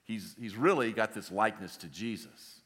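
A man preaching a sermon, telling a story in an animated way and often repeating words. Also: fairly low pitch, normal speed. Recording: long hall reverb.

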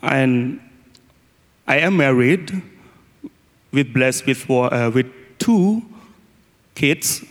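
Halting Cambodian-accented man in a church. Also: mid-range voice. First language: Khmer. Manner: hesitant, halting, laughs often. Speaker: guest pastor. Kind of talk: personal testimony. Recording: long hall reverb.

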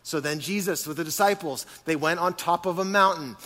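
A man preaching a sermon to a congregation, animated and full of rhetorical questions. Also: on the high side, a little fast. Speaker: pastor. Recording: long hall reverb.

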